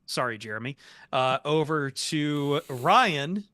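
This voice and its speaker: Bright-voiced joking podcast host man. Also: a little high, expressive, no echo, studio quality. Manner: joking, quick asides. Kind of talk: casual podcast banter.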